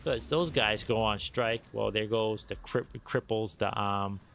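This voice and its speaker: An American man streaming a game, talking in a relaxed, opinionated, conversational way. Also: on the low side, unhurried, gravelly, a little hiss or hum. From United States. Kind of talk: casual chat while gaming.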